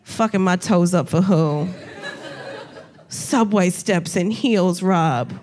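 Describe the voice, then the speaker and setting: A woman comedian co-hosts a casual chat, telling animated stories in a slow, slightly mellow voice on the low side. She swears freely and laughs often.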